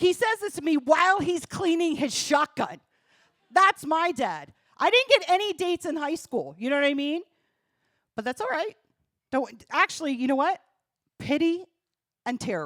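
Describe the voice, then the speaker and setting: A woman's voice: high voice, a bit bright, dry recording, studio quality. A woman from New doing stand-up comedy on a comedy club stage, punchy and self-deprecating, talking straight to the crowd. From New Jersey.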